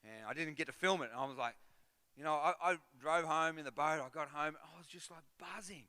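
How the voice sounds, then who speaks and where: A middle-aged man preaching a sermon as a guest pastor, telling a story with animation and building to loud, rhythmic exhortation. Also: on the high side, brisk. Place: church auditorium. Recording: reverberant church hall.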